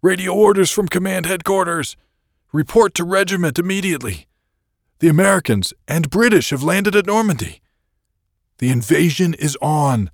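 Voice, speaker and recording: A man voicing a male military officer who barks out urgent orders in a shout. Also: sits high, normal speed, dry recording, clean studio sound, pitched above the performer's own voice. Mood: excited shouting. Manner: shouting excitedly.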